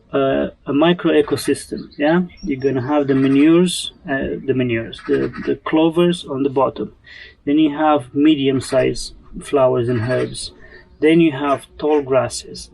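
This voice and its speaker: A man's voice: mid-range voice, vocal fry, a little mellow, slight background noise, poor audio. A man talking casually while sowing seeds in his garden, chatty and self-mocking, rambling as he goes. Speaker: homesteader vlogger.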